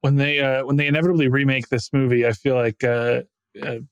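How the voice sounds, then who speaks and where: A man's voice: medium pitch, little pitch movement, brisk, smooth, no echo, lo-fi sound. A man joking in a casual movie chat, laid-back. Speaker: podcast co-host.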